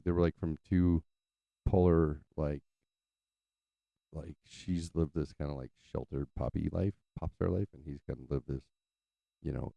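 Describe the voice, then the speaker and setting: Host: very deep, gravelly man, dark tone, loose and profane, rambling chat, dull lo-fi sound. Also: no room sound. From California. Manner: loose, profane, chatty, trails off in filler. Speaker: podcast host. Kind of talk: casual rambling storytelling.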